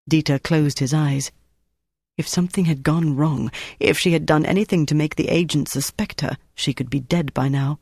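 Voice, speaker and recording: A narrator reading a novel in steady, scripted storytelling. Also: mid-range voice, normal speed, gravelly, breathy edge, no echo, clean studio sound. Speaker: audiobook narrator.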